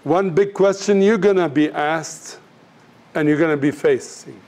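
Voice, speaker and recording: Here a man with a fairly high, mildly mellow voice speaks a little slowly. He teaches missions, talking earnestly and directly to students while telling stories and impersonating the figures in them.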